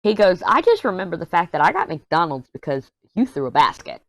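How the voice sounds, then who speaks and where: Very animated and fairly quick, a middle-aged woman who vlogs about diamond painting chats bluntly over her headset mic as she crafts. Her voice is fairly low with a fairly bright tone, there's no room sound, and her candid stories wander through lots of asides.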